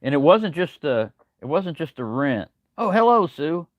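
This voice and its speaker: A man's voice: fairly high pitch, very animated, normal speed, no echo, lo-fi sound. An older man rambling casually on a livestream, folksy and chatty, greeting viewers by name. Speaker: livestream host. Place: home, early morning.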